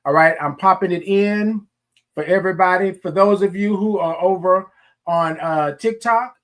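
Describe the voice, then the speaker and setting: A man's voice: high voice, moderate pace, a bit bright. A man from Houston with a Southern Texas twang, hosting a casual morning livestream, folksy and repetitive, greeting viewers by name. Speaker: morning show host.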